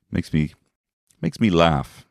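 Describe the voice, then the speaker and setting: An Irish man in his thirties, a comedian hosting a podcast from his shed, rambling and swearing while high on weed. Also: no room sound, studio quality. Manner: rambling, swearing, laughing at his own jokes. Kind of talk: rambling comic monologue. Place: garden shed.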